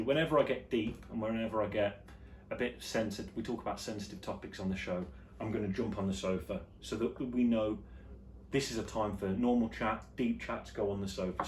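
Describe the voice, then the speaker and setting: A man hosting his own vlog show, chatting casually and jokily about the news, his voice jumping between loud and quiet. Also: fairly low pitch, a little hiss or hum. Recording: echoey room with faint ambience.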